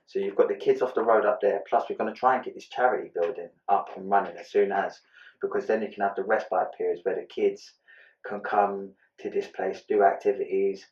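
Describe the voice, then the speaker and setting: A man chats earnestly in a casual podcast, full of slang and swearing. His voice sits low. The sound is roomy and dull, with the mic set back from him. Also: steady tone, fairly quick, a little mellow. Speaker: guest, ex-offender charity ambassador. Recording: echoey room, distant muffled mic.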